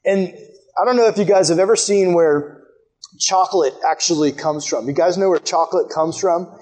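A young American man telling a rambling, animated story to a room full of listeners, full of "like" fillers. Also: high-pitched, moderate pace. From United States. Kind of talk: storytelling talk to a group. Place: room with a live audience.

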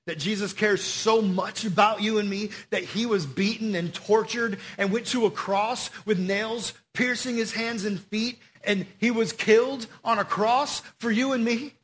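A man preaching a casual sermon to young people, slangy and animated as he tells the story. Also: sits high, a little slow, hardly any pauses.

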